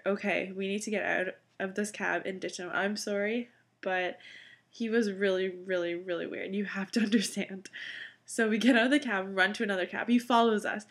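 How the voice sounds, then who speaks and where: Young adult woman, casual vlog storyteller, chatty, animated delivery. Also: mid-range voice. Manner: chatty, animated, frequent "like" fillers and laughs. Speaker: vlogger.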